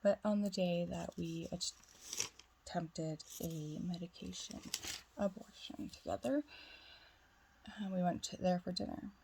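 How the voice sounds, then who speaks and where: A woman's voice: on the low side, a little slow, vocal fry, long pauses, warm tone, a little hiss or hum. A young woman vlogger telling a long personal story in a chatty way, swearing freely and acting out the dialogue. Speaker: spiritual vlogger. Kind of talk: casual storytelling.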